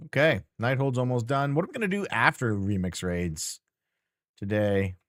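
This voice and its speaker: A man's voice: mid-range voice, lively intonation, normal speed, fairly bright tone, dry recording, studio quality. A man streamer chatting casually and teasingly with his chat while playing a game, rambling and joking.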